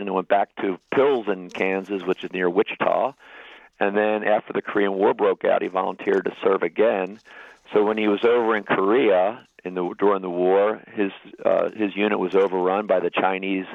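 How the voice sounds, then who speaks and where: A man's voice: low-pitched, creaky, dry recording. Male bishop guest, earnest storyteller who stops and restarts, dry close sound over a phone line. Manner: earnest, halting, with fillers and restarts. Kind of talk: storytelling in a radio interview.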